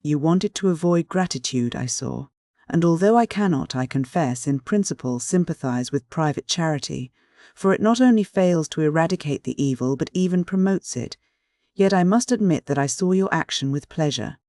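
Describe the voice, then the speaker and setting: A man voicing an earnest, excitable young idealist who speaks eagerly and preachily, in an audiobook. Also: a little high, moderate pace, no room sound, clean studio sound.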